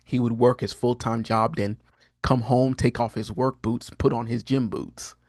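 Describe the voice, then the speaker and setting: A man's voice: a little slow, no room sound, studio quality. Earnest man telling a personal story. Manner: animated, rises sharply in pitch when quoting himself; frequent fillers and restarts, earnest and candid. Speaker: podcast guest, prophetic teacher. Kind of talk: casual conversational storytelling.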